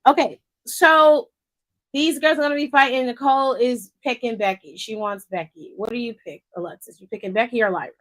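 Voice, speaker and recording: A woman with a slightly higher voice than most, talking in a loose, rambling way. She giggles often and trails off into fillers as she chats on a podcast. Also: fairly quick, fairly bright tone. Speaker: podcast co-host. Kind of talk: casual chat.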